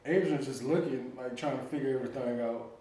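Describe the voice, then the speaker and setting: A man's voice: mid-range voice, fairly quick, warm tone, very echoey, far from the mic, low-quality recording. A man casually telling a family story to viewers, laughing often as he talks. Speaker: family vlogger.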